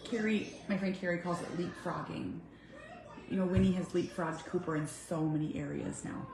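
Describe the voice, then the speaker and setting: A woman in her thirties, a mother talking heartfelt and earnest to her viewers, swinging from soft to emphatic. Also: on the low side, moderate pace, noisy background. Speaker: vlogger, mother. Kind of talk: heartfelt casual talk to camera. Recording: echoey room with faint music.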